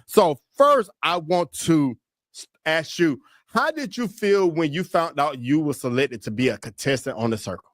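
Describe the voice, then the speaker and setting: A man hosting a casual interview, talking in a relaxed, colloquial, joking way. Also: a little high, moderate pace, no room sound, clean studio sound. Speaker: interview host.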